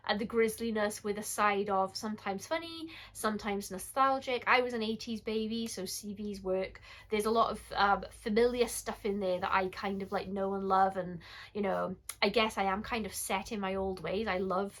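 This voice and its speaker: A British woman in her forties, host of a casual horror book-review vlog, chatty and candid, rambling with quick self-corrections and asides. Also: mid-range voice. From United Kingdom.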